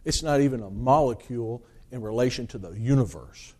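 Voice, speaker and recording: A man's voice: mid-range voice, animated, fairly quick. Man preaching a fiery Bible sermon. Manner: reads scripture aloud in a rising, forceful cadence, then explains in plain talk. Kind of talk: sermon reading scripture.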